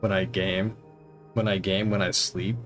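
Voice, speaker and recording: A man's voice: low voice, flat delivery, measured pace, a bit bright, soft background music. A man streaming a game, rambling and mocking himself as he mutters through settings and chats. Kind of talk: casual gaming livestream chatter. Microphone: desk mic with headphones monitoring.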